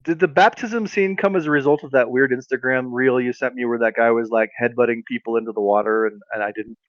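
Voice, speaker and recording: A man's voice: medium pitch, fast, dry recording, dull audio. A man co-hosting a comedy podcast in casual chat, often breaking into laughter and exclamations. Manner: reacts with bursts of laughter and exclamations. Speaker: podcast co-host.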